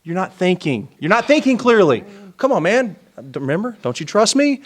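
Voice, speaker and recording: A man's voice: high voice, very animated, moderate pace. A man acting as a wrestling manager, pushing and hyping his wrestler in a persuasive, insistent way. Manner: pushy, persuasive hype talk. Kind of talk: wrestling promo.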